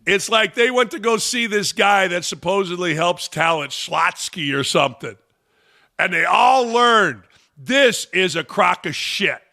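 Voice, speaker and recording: A man's voice: sits high, expressive, measured pace, gravelly, bright, forceful tone. A man hosting a sports talk show, ranting in heated, profane commentary with mocking repetition.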